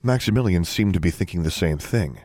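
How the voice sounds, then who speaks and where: Deep-voiced man reading a fantasy story. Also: no room sound, studio quality. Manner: slow, measured, expressive reading. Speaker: audiobook narrator. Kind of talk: scripted narration.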